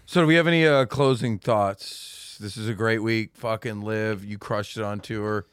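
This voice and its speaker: A man's voice: fairly low pitch, steady tone, normal speed, clear, resonant tone, dry recording, studio quality. A young man co-hosting a podcast, easygoing in casual banter. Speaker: podcast co-host.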